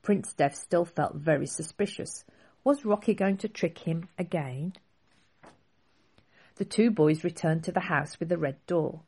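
A woman author reading her own children's book aloud in a clear, expressive storybook style. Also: fairly low pitch, a little slow.

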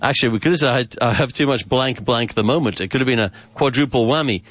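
A man's voice: medium pitch, quick pace, hardly any pauses, a bit bright, soft background music. A man hosting a podcast grammar lesson, repeating phrases, drilling questions and dropping in Spanish asides with enthusiasm. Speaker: English teacher and podcast host.

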